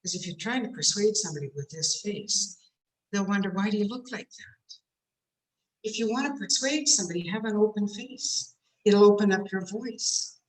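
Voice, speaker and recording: A woman's voice: medium pitch, normal speed, a little mellow. A woman coaching speakers in an online workshop, talking in a demonstrative way and shifting her tone to show examples. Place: home room on a video call. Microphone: computer mic on a video call. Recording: roomy echo.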